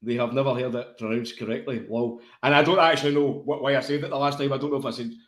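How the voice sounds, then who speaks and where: Talking quickly in a steady, mid-range voice, this co-host of a football podcast has a Glaswegian Scottish accent. He trades blunt, sweary banter in casual football talk, and the room sounds echoey.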